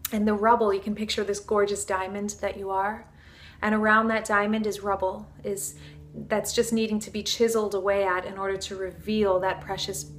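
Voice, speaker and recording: Earnest woman giving a spiritual talk. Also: mid-range voice. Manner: earnest, flowing, with many fillers like "like" and "you know". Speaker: spiritual teacher. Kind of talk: casual teaching talk.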